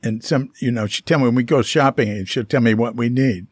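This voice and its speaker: A man vlogging about his life abroad, telling a casual story in a rambling, halting way full of fillers and restarts. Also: medium pitch, slightly rough, no room sound, studio quality.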